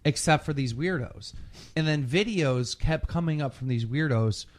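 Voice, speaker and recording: A man chatting casually on a podcast, telling a story with lots of swearing and loud mimicry of other people. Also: fairly high pitch, normal speed. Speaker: podcast guest.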